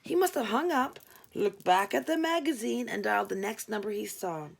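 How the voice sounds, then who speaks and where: A woman's voice: mid-range voice, normal speed, vocal fry. A woman narrating a first-person story in a dry, wry manner. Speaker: audiobook narrator.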